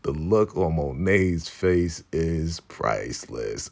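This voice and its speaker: Husky deep voiced guy hyped up recapping a show. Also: takes it slowly. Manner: excitable, acts out quotes. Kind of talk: casual episode recap.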